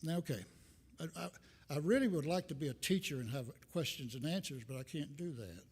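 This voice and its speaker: An older man delivers a loose, folksy sermon, drifting between thoughts with self-deprecating humor. His voice sits a little high for a man. It rings out with a long reverb through a church sanctuary. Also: animated, fairly quick, breathy edge. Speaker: visiting minister. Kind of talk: informal sermon.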